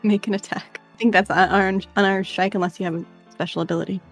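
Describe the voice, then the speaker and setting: A woman running a tabletop game as dungeon master, narrating in a lively way and laughing often. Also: mid-range voice, fast talker, faint music behind.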